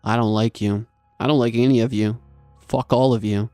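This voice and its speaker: A man's voice: mid-range voice, steady tone, moderate pace, mellow, smooth, no room sound, faint music behind, close to an everyday voice. A man voicing a furious, vile male monster that snarls, hisses and spits its words. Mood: snarling. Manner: screeching, snarling and spitting.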